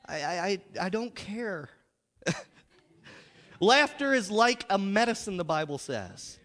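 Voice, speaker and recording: A pastor preaching a lively sermon in a church, repeating himself and laughing often. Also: male voice, high-pitched, slow pace, pauses often, in a large hall.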